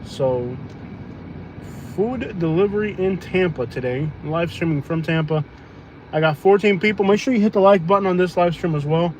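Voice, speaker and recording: Guy rambling on a phone livestream from his car, kinda high voice, lots of road noise. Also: normal speed, a little mellow, lo-fi sound. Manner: rambling, joking, loose. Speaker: food delivery driver streaming live. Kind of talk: casual livestream chat while driving. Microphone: phone on live stream. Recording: noisy car cabin.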